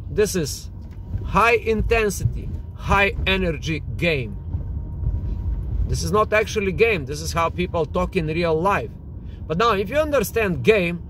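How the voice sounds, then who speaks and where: A man's voice: high voice, fairly bright tone, a little hiss or hum. A man coaching on dating and social tactics, explaining each point with examples. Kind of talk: instructional monologue.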